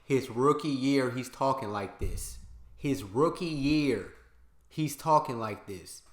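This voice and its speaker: A man's voice: medium pitch, animated, takes it slowly. A man hosting a reaction video in casual chat, slangy and repeating his points for emphasis. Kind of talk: casual commentary. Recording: roomy echo.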